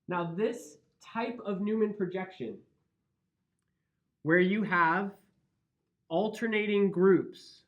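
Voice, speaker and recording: A man's voice: high-pitched, slow, long pauses. Man, Midwestern accent, classroom lecture, checks in with students, echoey room. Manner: explains step by step, checks in with students. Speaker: chemistry teacher. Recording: roomy, dull lo-fi classroom recording.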